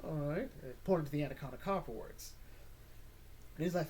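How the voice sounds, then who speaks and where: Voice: mid-range voice, brisk, darkish tone, slight background noise. A host casually recapping a comic story, laid-back with chuckling asides.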